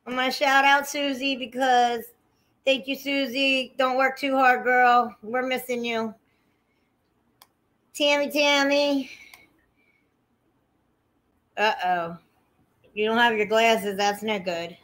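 Woman chatting on her livestream, swears a lot, says hi to everyone in chat, a bit high voiced. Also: steady tone, takes it slowly, pauses often, fairly bright tone. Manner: chatty, profane, greets viewers by name. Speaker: livestream host.

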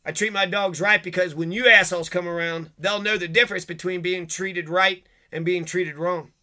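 A man's voice: sits high, fairly even intonation, normal speed, bright, forceful tone. A man ranting angrily to camera, swearing constantly and accusing people one after another. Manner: agitated, profane, accusatory. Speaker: vlogger. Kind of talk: angry rant to camera.

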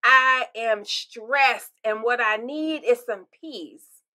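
An older woman pastor preaches a short devotional with a bright, ringing voice pitched a little high. Her delivery is expressive: she presses hard on key words, then drops to soft, breathy near-whispers. The tone is personal and direct. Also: takes it slowly. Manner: expressive, swinging from loud emphasis to hushed near-whispers. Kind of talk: devotional sermon.

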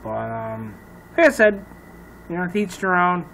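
A man who is a comedian, rambling loudly and profanely in a casual talk to camera. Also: sits high, very animated, a little slow, creaky, slight background noise, rough recording. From Irish heritage. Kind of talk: casual off-the-cuff chat to camera.

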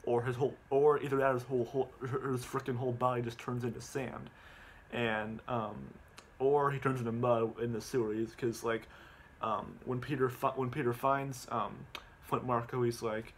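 Halting, rambling man recapping a movie. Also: medium pitch, fairly even intonation, slight background noise. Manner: halting, full of ums and repeated words. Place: at home.

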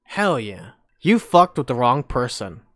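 A woman reacting emotionally to a video game ending, excitable and swearing freely. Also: extremely low pitch, a little slow. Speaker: let's play streamer. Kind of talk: gameplay reaction commentary.

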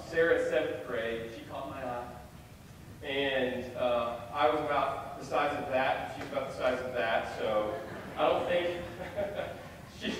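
A man's voice: mid-range voice, distant mic, slight background noise. Self-mocking young man in an echoey hall. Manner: animated, self-deprecating storytelling. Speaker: chapel speaker. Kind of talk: storytelling chapel talk. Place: large hall.

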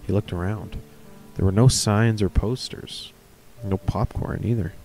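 A man's voice: fairly low pitch, steady tone, unhurried, darkish tone, soft background music. A man reading a horror story aloud, with casual, chatty asides. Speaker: reader of stories.

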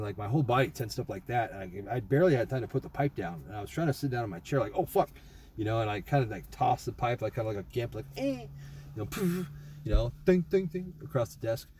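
Rambling, profane man with a dark voice. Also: mid-range voice, a little hiss or hum. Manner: rambling, profane, lots of fillers and restarts. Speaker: vlogger. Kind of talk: casual rambling trip report.

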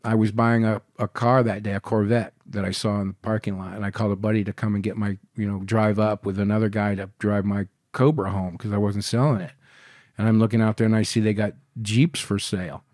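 A man in his sixties, a podcast guest telling wild stories in a rambling, profane, animated way. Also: lowish voice, a little fast, dry recording, clean studio sound. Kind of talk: casual storytelling interview.

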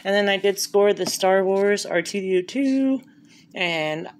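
A woman's voice: mid-range voice, lively intonation, slow. A woman chatting casually through a shopping haul and reading off prices, filmed on a handheld phone at home. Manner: chatty, upbeat, reads off prices. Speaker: vlogger showing a shopping haul. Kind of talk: casual haul video chat.

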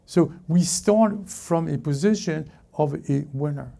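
Gravelly dark-voiced male pastor preaching. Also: a little high. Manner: halting, self-correcting preaching with many restarts. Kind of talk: sermon. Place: church service before a congregation.

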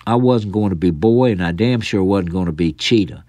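A man's voice: low-pitched, normal speed, warm tone, dry recording. A man from the South, reading his own short story in a dry, wry storytelling manner. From American South. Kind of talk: storytelling narration.

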